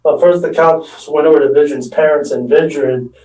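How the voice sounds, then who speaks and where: A young man telling a prank story in a rambling, stop-start way, often acting out what people said. His voice sits a bit high and sounds soft and mellow. He is picked up from a distance in an echoey room. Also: steady tone, normal speed. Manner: rambling, restarts often, acts out quotes. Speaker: stand-up comedian telling a story.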